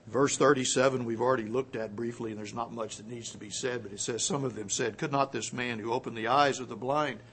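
A man gives a sermon in a steady, mid-range voice, rising from hushed, quiet moments to loud, emphatic peaks and slowing to stress key words. There's slight background noise.

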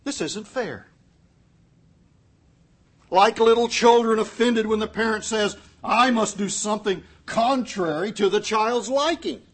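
A middle-aged male pastor preaching a sermon, swinging from loud, emphatic lines to quiet asides and acting out quotes. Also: high voice, moderate pace, few pauses.

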